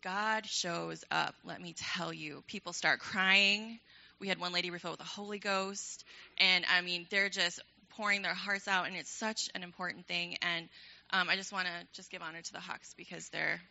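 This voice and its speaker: A woman's voice: fairly low pitch, fairly even intonation, moderate pace, creaky, bright, forceful tone, dull audio. A young woman leading a ministry program, addressing a church in a casual, enthusiastic, chatty way with frequent laughter.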